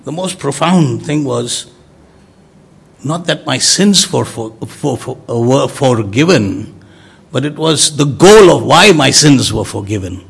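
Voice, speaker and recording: This preacher addresses his congregation in an emphatic sermon with lively intonation, his husky, gravelly voice climbing to loud exclamations before sinking into quiet, low speech. He never rushes.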